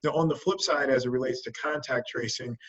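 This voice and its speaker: A man, a public health official, answering press questions in a measured, formal way with frequent restarts. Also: medium pitch, a bit bright, highs cut off.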